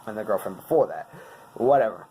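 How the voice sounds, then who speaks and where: A man in his twenties, talking earnestly and haltingly as a vlogger, searching for his words. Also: on the low side, animated, dark tone, a little hiss or hum, poor audio. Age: 20s. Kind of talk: casual talk explaining song lyrics.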